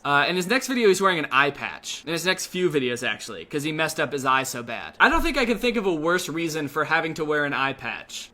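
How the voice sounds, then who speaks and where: A man's voice: fairly high pitch, big pitch swings, fast talker, few pauses, sharp tone. A young man doing comedic video commentary, sarcastic and incredulous, with jokey asides. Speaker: commentary youtuber.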